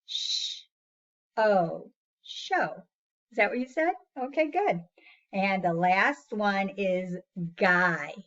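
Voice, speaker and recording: A woman's voice: mid-range voice, lively intonation, slow, fairly bright tone, highs cut off. A woman teaching a phonics lesson to young children, patiently sounding out words and praising each answer.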